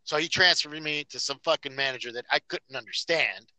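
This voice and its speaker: Profane, ranting man with a bright voice. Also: a little high, brisk, no echo, rough recording. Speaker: podcast host. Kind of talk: casual podcast chat.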